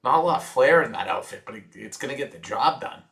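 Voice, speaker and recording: Excitable male live-stream host. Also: medium pitch, quick pace, gravelly. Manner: excitable, chatty, cheering and teasing viewers. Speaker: livestream host. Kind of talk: casual live-stream commentary.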